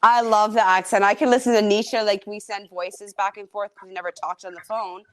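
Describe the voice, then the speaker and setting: A woman chatting as a guest on a podcast, lively and quick to laugh. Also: mid-range voice. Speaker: podcast guest and show host. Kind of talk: casual chat.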